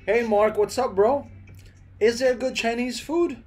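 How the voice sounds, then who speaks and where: A man's voice: very high-pitched, measured pace, darkish tone, soft background music. A young man with an American accent chatting casually on a live stream, replying to viewers with lots of "bro" and "man" and frequent restarts. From Philippines, raised in the US.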